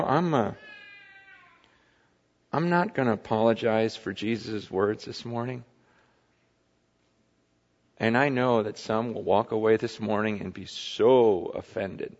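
A man pastor preaching a sermon with impassioned swings between loud pleading and hushed confession. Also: lowish voice, big-room sound, dull audio.

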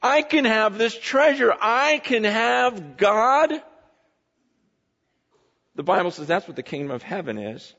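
Male pastor, high voice, impassioned sermon that swings between hushed and loud, captured in a reverberant hall with a dull, muffled recording. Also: animated, measured pace, pauses often.

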